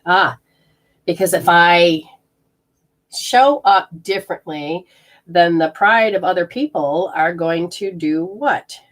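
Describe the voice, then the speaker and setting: A woman's voice: lowish voice, slow pace. Rambling woman leading a healing session. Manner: rambling, self-interrupting, explains hands-on techniques. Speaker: energy healer.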